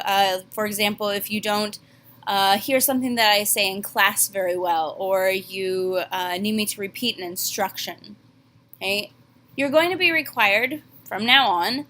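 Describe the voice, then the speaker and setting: A woman French teacher giving a classroom lesson, slowly modeling each phrase. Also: mid-range voice, sharp tone.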